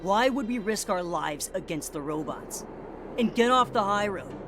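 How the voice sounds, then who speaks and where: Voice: medium pitch, animated, normal speed, background noise, lightly acted. An actor voicing a hungry, defiant scavenger leader in a video game, mocking and sneering.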